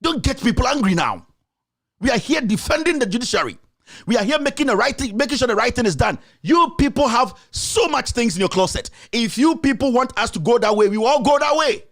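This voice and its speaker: A man's voice: extremely high pitch, very animated, brisk. A man with a Ghanaian accent hosting a show, delivering impassioned political commentary full of rhetorical questions and confrontation. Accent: Ghanaian English. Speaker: host.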